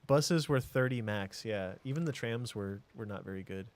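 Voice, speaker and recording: A man with a fairly low voice talks through a city-building game as he streams it. He thinks aloud, answers chat and now and then drops into a near-whispered mutter. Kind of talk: casual game commentary.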